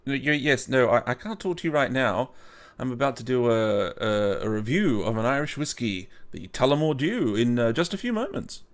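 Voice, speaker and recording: A man's voice: medium pitch, lively intonation, moderate pace. A man hosting a casual whisky review, rambling and joking at his own expense, with many restarts and stumbles. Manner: rambling, jokey and self-mocking.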